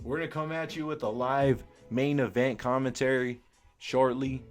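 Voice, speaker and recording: A young man doing live fan commentary on a boxing match, excited and slangy, full of exclamations. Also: mid-range voice, normal speed, faint music behind.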